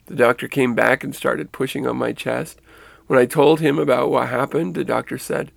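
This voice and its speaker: A man earnestly recounting a personal experience, halting now and then and restarting phrases. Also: mid-range voice, fairly even intonation, no room sound. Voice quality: gravelly. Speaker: storyteller recounting a near-death experience. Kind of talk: personal storytelling.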